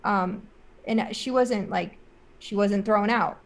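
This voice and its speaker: A woman speaks as a guest in an interview, retelling a personal experience in a loose, rambling way. Her voice sits at a middle pitch, and her speech is full of "like" and "um" as she talks earnestly and emotionally. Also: slow. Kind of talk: casual spoken storytelling.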